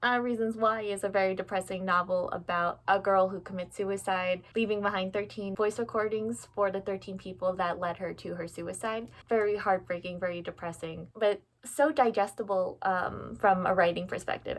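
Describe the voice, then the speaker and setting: Speaking at normal speed with fairly even intonation and a medium-pitched voice, a twentysomething book vlogger talks about her bookshelves at home. The clip is a laid-back, chatty vlog recorded on her phone camera. She's frank and self-deprecating, with frequent laughter and offhand swearing.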